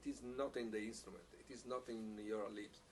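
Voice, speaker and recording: A man teaching a piccolo masterclass, speaking haltingly, repeating words and using non-native phrasing, with frequent small laughs. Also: fairly low pitch, steady tone. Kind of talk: masterclass teaching, answering questions. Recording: distant mic with faint background hiss.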